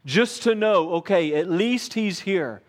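A man preaching a sermon as pastor, earnest, dropping quiet and then rising to emphatic repeated lines. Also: high voice, lively intonation, takes it slowly.

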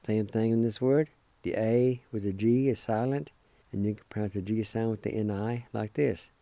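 A man hosting a radio language lesson, spelling out letters one at a time and repeating each word slowly and deliberately. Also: fairly low pitch, fairly even intonation, mellow, no room sound. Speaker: radio language teacher and host.

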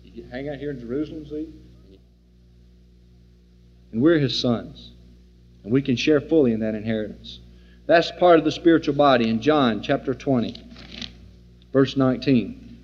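A man teaching an informal sermon, folksy and animated, acting out the scenes he describes. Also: on the high side, moderate pace, pauses often, breathy edge. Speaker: Bible teacher. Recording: dull lo-fi recording in a reverberant hall.

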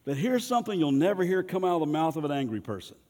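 A man's voice: on the high side, very animated, quick pace, darkish tone, long reverb tail. A man preaching a sermon in a folksy, humorous way, asking the congregation to respond and speak along. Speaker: pastor.

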